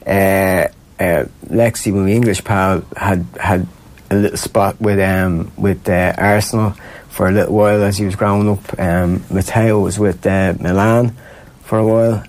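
An Irish man spins a long anecdote, looping back on himself with restarts and quick laughs. His voice sits a bit low. It's an easy, casual interview chat. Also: fairly even intonation, darkish tone. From Ireland. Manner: rambling, laughs often, many restarts. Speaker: guest.

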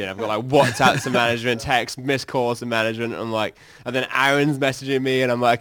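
A man, a band's singer, telling animated stories in an interview, laughing and acting out his own reactions. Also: mid-range voice, fast talker, hardly any pauses, dry recording. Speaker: band singer. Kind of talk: casual interview storytelling.

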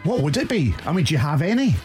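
A man's voice: a little high, very animated, fast, a little mellow, soft background music. A Scottish man co-hosting a football podcast, blunt and teasing in casual chat. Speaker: podcast co-host.

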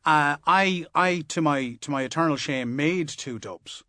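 A man's voice: a little high, unhurried, pushed and bright, dry recording, studio quality. A man from Limerick, a guest on a radio panel, making his points emphatically through stories. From Limerick, Ireland. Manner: anecdotal, emphatic.

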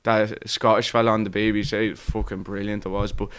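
A young man with a Dublin accent talks in a loose, rambling podcast chat, padding every thought with fillers and casual swearing. His voice sits on the lower side. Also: flat delivery, brisk, fairly bright tone, clean tone. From Ireland. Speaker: streamer and guest.

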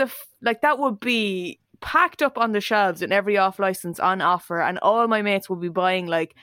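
A young Irish woman co-hosting a podcast, teasing her co-hosts in quick casual banter. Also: medium pitch, fairly bright tone, dry recording, studio quality. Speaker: podcast co-host.

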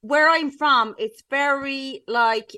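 Chatty Cork woman, rather high voice. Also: slow, distant mic. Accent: Cork Irish. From Ireland, Cork. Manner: chatty, animated storytelling with frequent "like". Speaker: podcast co-host. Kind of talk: casual chat.

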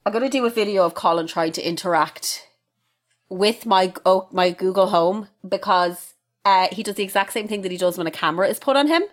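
A woman's voice: medium pitch, fairly quick. A woman hosting a casual chat, reading out listener questions, chatty and laughing often, swearing freely.

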